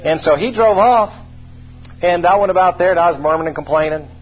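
This sermon comes from a man with a high, breathy voice who talks fast, his recording missing its highs. He preaches in a homespun storytelling style, joking at his own expense and asking the congregation rhetorical questions.

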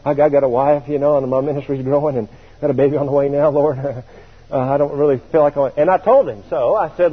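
A man preaching a sermon, telling a story in an animated way and chuckling now and then. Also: medium pitch, quick pace, slightly rough. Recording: tinny radio broadcast.

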